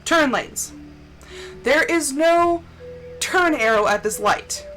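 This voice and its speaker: A woman streamer tells a story in a high, bright voice that swings widely up and down. She rants with indignation and swears freely. Soft music plays quietly behind her. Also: slow, poor audio. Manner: animated, swears a lot, indignant ranting. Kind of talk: casual storytelling while gaming.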